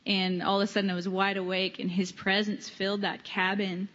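Woman minister, earnest measured testimony, reverberant hall, dull sound. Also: medium pitch, level tone, fairly bright tone. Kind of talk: personal testimony.

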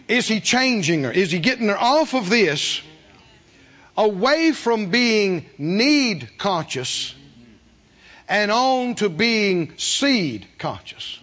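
A man preaching a sermon, animated, acting out the people he quotes and asking the congregation questions. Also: sits high. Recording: dull lo-fi sermon recording.

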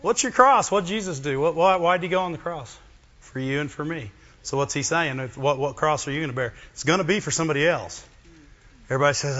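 Preaching with animation, a man uses a bright, forceful voice pitched slightly high for a male speaker. Quick questions to the crowd recur throughout, captured in a dull, lo-fi recording.

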